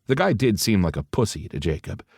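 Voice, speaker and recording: A man reading an audiobook in steady, even scripted narration. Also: sits low, fairly quick, gravelly, breathy edge, dry recording, studio quality.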